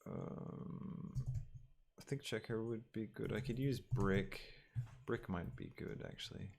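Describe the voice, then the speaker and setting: Low, gravelly male streamer who muses and stalls while he works; casual, unpolished delivery. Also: darkish tone. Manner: thinking aloud, halting with ums and restarts. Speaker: 3D artist livestreaming his work. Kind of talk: casual livestream talk while working.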